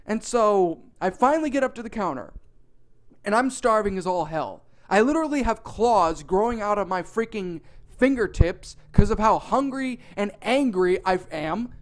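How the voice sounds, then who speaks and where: Guy with a pretty high voice ranting thru a crazy storytime, swears a lot, super animated. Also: moderate pace. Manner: animated, profane, exaggerated retelling. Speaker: storytime narrator. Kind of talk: comedic storytime narration.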